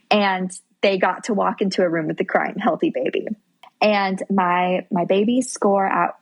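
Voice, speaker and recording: A woman's voice: medium pitch, vocal fry, poor audio. A young adult woman earnestly telling her birth story as a podcast guest, recorded at home.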